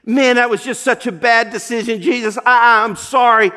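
A pastor voicing an impulsive, loyal disciple. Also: male voice, very high-pitched, fairly even intonation, bright, forceful tone, in a large hall. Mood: remorseful. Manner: pleading, halting with repeats. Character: earnest adult male disciple, impulsive and loyal.

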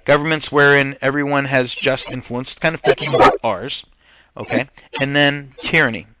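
A man's voice: medium pitch, steady tone, normal speed. A man hosting a podcast, talking earnestly and with emotion, sometimes reading aloud and often correcting himself mid-word. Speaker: podcast host. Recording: slightly muffled podcast audio, faint hiss.

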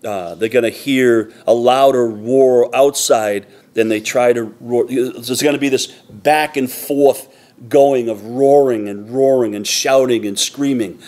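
A pastor preaching a sermon in a church, earnest and emphatic, repeating phrases for weight. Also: male voice, mid-range voice, steady tone, unhurried, darkish tone. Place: church sanctuary.

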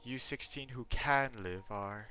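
A man's voice: medium pitch, a little slow, bright, forceful tone, soft background music, voice pushed up. A man putting on an earnest headmaster with a mock British accent. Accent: attempted British.

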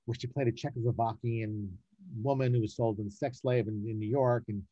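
A man talking fast in a relaxed interview, a casting director who gets animated and repeats himself to drive a point home. His voice is mellow and dark. The sound is dull and dry. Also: medium pitch, no room sound. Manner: animated, emphatic, repeats words when making a point. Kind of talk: casual interview talk.

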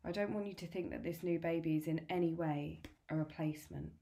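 A gentle, loving mother from a read-aloud storybook, as a woman reads her lines. She speaks low and reassuringly, in a plain voice close to the reader's own. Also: brisk, vocal fry.

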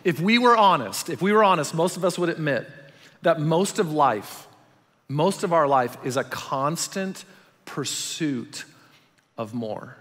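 A man delivers a sermon in a large church auditorium, and his voice sits fairly high. He acts out little quotes, jumping up loud and then dropping to a near hush. The sound rings with the long reverb of a big hall. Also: unhurried. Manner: animated storytelling, acts out quotes with big swings from loud to hushed. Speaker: pastor.

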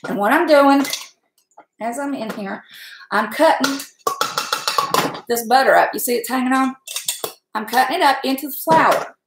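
A woman's voice: sits high, noisy background. Chatty woman in an echoey kitchen. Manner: chatty, folksy, laughs often, talks fast from nerves. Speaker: home cook and channel host. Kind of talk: casual cooking livestream chat. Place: home kitchen.

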